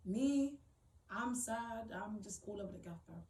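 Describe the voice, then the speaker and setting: A woman's voice: medium pitch, lively intonation, measured pace, darkish tone, roomy sound, distant mic, poor audio. A young woman telling a personal story to camera, blunt and swearing, rising to indignant outbursts. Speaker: vlogger.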